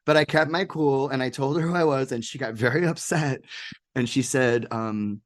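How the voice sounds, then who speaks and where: Male guest, casual storyteller, rambling and animated, middle pitch. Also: moderate pace. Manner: animated, rambling anecdotes with laughs and quoted voices. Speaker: interview guest, game maker.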